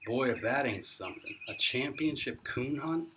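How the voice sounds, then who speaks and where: A man's voice: mid-range voice, fairly quick, background noise, pitched above the performer's own voice, close to an everyday voice. Brief: man voicing eager wide-eyed farm boy; distant mic, birds behind. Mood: amazed.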